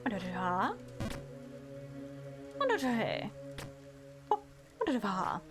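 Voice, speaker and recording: A woman live-streaming a game, counting her jumps out loud, yelping when she falls and joking with her chat. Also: medium pitch, sing-song, takes it slowly. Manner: counts aloud while playing, yelps at failures; self-mocking, playful chatter with chat. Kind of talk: live gameplay commentary. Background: background music.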